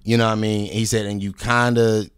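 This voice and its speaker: A recording artist guest on a podcast tells a long story in a laid-back way, swearing freely, acting out the people he quotes, and tossing in "you know what I mean." His voice is fairly low, level in tone, brisk, and smooth. The studio sound is clean, with no echo.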